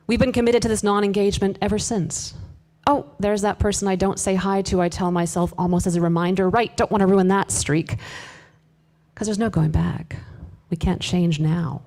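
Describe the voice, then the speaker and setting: A woman performing a live spoken word piece, confessional and wry, moving between hushed asides and emphatic bursts with sharp swearing. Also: medium pitch, steady tone, moderate pace. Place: live event space with audience.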